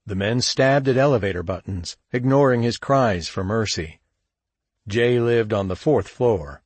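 A man narrating a crime story in a steady, measured audiobook read. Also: on the low side, breathy edge, no echo. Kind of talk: scripted narration.

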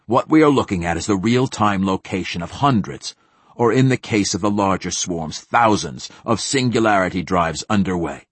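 A cold, clipped military admiral, read by a man in a very low, husky voice. He answers in a flat, curt deadpan. The sound is close and dry. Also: normal speed, no room sound. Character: cold, clipped middle-aged male fleet admiral.

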